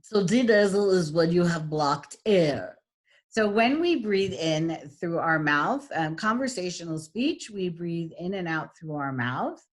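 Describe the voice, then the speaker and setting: A woman's voice: on the low side, lively intonation, a little slow. A woman teaching an online lesson on voice qualities, speaking with many ums and exaggerating sounds to demonstrate them. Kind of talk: online lecture with screen share.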